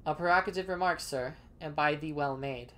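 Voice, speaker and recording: A woman voicing a stiff, old-fashioned landlord who speaks slowly in archaic, formal words. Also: deep voice, fairly bright tone, a little hiss or hum.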